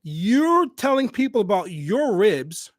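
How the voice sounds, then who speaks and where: Very animated and slow, his voice sits high as he hosts a casual livestream for his hospitality YouTube channel. He talks directly to viewers, emphatically, repeating phrases for weight. The USB desk microphone captures studio-quality sound with no room sound.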